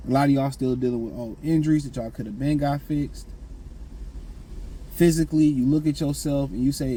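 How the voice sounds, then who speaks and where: A man talks through dating and self-improvement advice in a blunt, slangy way, circling back to the same points again and again. His voice has a mellow, darker tone at a middle pitch. A faint hum of passing vehicles sits behind him. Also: fairly even intonation, fairly quick, poor audio. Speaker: vlogger giving dating advice. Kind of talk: casual monologue.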